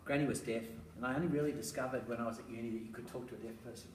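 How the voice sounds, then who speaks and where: A man's voice: medium pitch, fairly even intonation, rapid-fire, few pauses. A middle-aged man giving a public talk on parenting, telling anecdotes with chuckles and rhetorical asides. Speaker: speaker on parenting, school educator. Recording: roomy, distant, noisy room recording.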